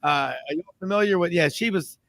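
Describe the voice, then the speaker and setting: A man's voice: high-pitched, fairly quick, fairly bright tone, dry recording. A man hosting a sports talk radio show, chatty and rambling, laughing often.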